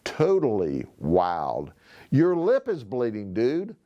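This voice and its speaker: A steady, unflustered schoolboy, voiced by a man reading a story who speaks slowly and evenly. His pitch still rises and falls in a lively way. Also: lo-fi sound. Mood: relieved. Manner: calm, steady. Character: calm, brave schoolboy who stands up to bullies.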